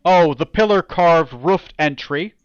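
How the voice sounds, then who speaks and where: A man narrating a tabletop game as game master, in a casual, halting way with many fillers. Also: on the high side, smooth, dry recording, dull audio.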